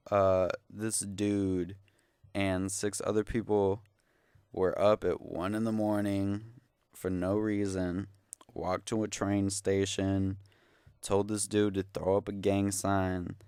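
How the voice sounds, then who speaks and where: A man's voice: low-pitched, flat delivery, slow, a little mellow, clean tone, dry recording, clean studio sound. A young man ranting into the camera, exasperated, sarcastic and profane in a casual vlog. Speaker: vlogger.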